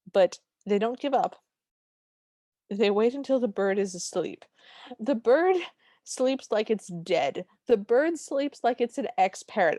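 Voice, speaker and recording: A woman's voice: mid-range voice, darkish tone, no room sound. Wry woman podcast co-host, dry sound. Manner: wry, retells scenes with quick asides. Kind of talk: casual recap chat.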